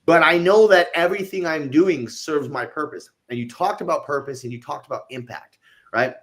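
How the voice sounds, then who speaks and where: Man, fitness coach, slightly high voice, emphatic, blunt, casual interview storytelling. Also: normal speed. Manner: emphatic, animated, blunt with swearing. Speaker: gym owner and fitness coach.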